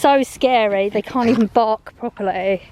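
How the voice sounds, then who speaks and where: A woman chats away to her handheld phone as she walks her dogs outdoors, her voice sitting slightly high. She rambles, laughs often and sounds a bit out of breath. Faint outdoor noise runs underneath. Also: normal speed. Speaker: vlogger. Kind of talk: rambling chatty vlog on a dog walk. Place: outdoors on a walk.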